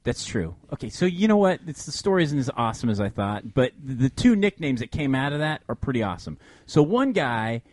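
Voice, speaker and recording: A man co-hosting a casual show, telling an animated story and acting out quotes with frequent laughter. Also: medium pitch, fairly quick, few pauses, no room sound. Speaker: podcast co-host.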